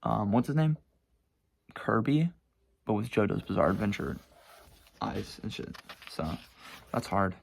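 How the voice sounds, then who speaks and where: Teen dude at home flipping thru his old sketchbooks, kinda gravelly voice, cusses and roasts himself. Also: fairly low pitch, expressive, normal speed, pauses often. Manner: rambling, swearing, self-mocking. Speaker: vlogger showing his sketchbooks. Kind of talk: casual chat.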